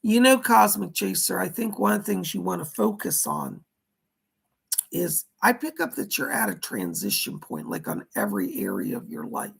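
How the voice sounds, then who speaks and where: A middle-aged man giving live psychic readings, with a hoarse voice that is going and a chatty manner as he reads out viewer donations and questions. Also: sits high, big pitch swings, moderate pace. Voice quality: gravelly. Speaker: psychic medium.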